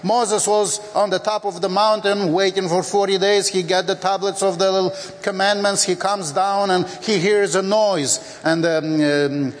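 A high-pitched man preaches slowly and deliberately, using lots of fillers and acting out scripture dialogues in lively voices. Long hall reverb surrounds the recording.

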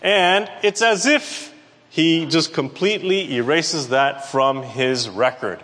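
A man's voice: on the high side, takes it slowly. Man preaching in a reverberant church hall. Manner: animated, asks the congregation questions. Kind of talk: sermon.

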